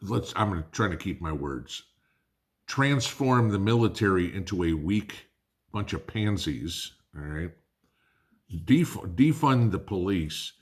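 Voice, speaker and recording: A man's voice: low voice, big pitch swings, measured pace. A man hosting a prepping channel, delivering an angry, blunt political rant to his viewers, swearing and calling them guys.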